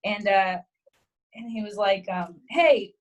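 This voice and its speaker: A young adult woman and guest comedian, telling a story in casual podcast chat, animated and swearing freely as she acts out quotes. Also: a little high, normal speed, dull audio.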